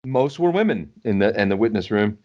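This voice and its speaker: A man's voice: fairly low pitch, expressive, a little fast. A man co-hosting a podcast, joking playfully and dropping into goofy voices. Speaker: podcast co-host. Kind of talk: casual chat. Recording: slightly dull lo-fi audio.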